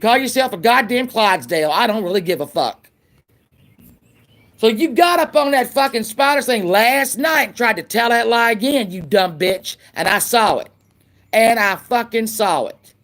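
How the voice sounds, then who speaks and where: Angry, profane woman on a livestream rant. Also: a little high. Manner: repeats lines for emphasis. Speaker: YouTuber.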